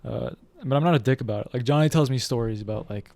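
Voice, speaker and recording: A young man talks fast and loosely in casual chat. His voice has a gravelly edge. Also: mid-range voice, mellow, no echo. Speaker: podcast co-host.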